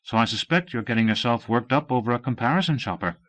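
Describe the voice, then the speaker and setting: A man's voice: medium pitch, animated, quick pace, a bit bright, lightly acted. A man reading a novel aloud, voicing a clumsy, fond husband who talks in a dry, wordy, ironic way. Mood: reasoning. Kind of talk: audiobook character voice.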